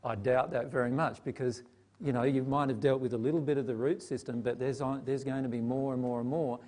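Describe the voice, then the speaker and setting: A man's voice: mid-range voice, fairly even intonation, fairly quick, dark tone. A man leading a live Q&A session, teaching in a conversational way and often checking in with the audience. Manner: conversational, asks the audience questions.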